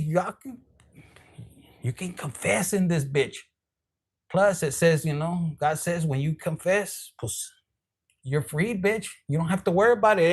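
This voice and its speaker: Brief: man, tarot reader, high voice, sassy and foul-mouthed. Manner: profane, sassy and rambling. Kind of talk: casual tarot reading.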